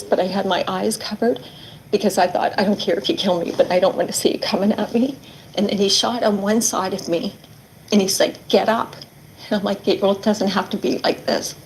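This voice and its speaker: A woman's voice: mid-range voice, steady tone, brisk, gravelly, a little hiss or hum, rough recording. A middle-aged woman giving earnest interview testimony, retelling events and quoting what was said with frequent "like" fillers. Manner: earnest, quotes herself and others, many "like" fillers. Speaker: interviewee recounting her ordeal.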